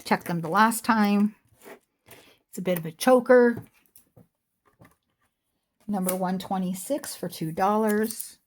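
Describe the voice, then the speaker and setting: A woman's voice: mid-range voice, takes it slowly, long pauses. A middle-aged woman chatting casually as she shows jewelry for sale at home, rambling off into asides. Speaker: online jewelry seller. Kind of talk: casual chat while showing jewelry. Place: home room with a squeaky chair.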